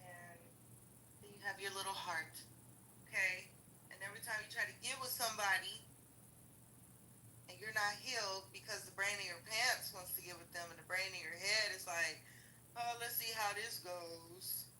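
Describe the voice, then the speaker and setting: A woman with a very bright, sharp, forceful voice rants casually about her past. She is blunt and profane, heavy on slang, and laughs through her own stories. A faint hiss sits behind her. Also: mid-range voice, steady tone, normal speed, long pauses, low-quality recording. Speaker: vlogger. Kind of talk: casual storytelling rant.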